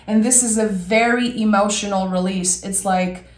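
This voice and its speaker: A woman giving an intuitive tarot reading in a gentle, reflective way, with soft pauses between her thoughts. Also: medium pitch, steady tone, echoey room. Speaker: tarot reader.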